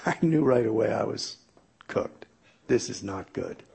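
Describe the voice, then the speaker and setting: A man's voice: fairly low pitch, lively intonation, slow, vocal fry, a little mellow, slightly rough. A middle-aged man telling a humorous personal story to an audience in a self-mocking, exaggerated comic way.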